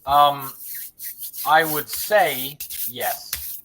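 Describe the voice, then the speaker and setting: A man's voice: on the high side, very slow, a bit bright, slight background noise, rough recording. A man talking on a podcast, blunt and opinionated, swearing freely and stumbling over restarts as he goes. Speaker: podcast guest. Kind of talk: casual chat.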